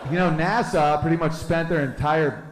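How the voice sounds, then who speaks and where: A man's voice: a little high, moderate pace, echoey room, background noise. Man doing a rambling stand-up set. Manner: loose, rambling delivery with goofy put-on voices. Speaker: stand-up comedian. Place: live comedy venue with audience.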